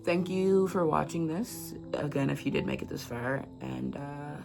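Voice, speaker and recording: A woman's voice: sits low, a little slow, creaky, music in the background. A woman reading passages of a novel aloud to camera, stumbling over words now and then, and chatting about the book with effusive feeling. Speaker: book reviewer.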